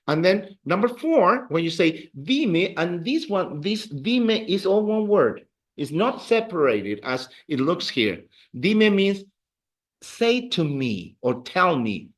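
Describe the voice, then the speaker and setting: A man's voice: sits high, big pitch swings, slow pace, a bit bright. A man teaching a beginner Spanish class, patiently repeating words for drills and encouraging his students. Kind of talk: classroom language lesson.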